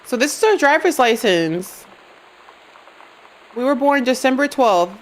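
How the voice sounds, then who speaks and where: A woman's voice: high voice, lively intonation, measured pace, poor audio. Playful young woman streamer. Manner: playful, jokey, talks to chat. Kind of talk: live gameplay commentary.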